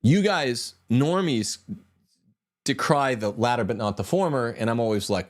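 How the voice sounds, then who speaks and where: A man's voice: medium pitch, very animated, normal speed. A man hosting a podcast, talking in an emphatic, combative way with sweeping asides. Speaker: podcast host. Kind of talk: opinionated podcast talk.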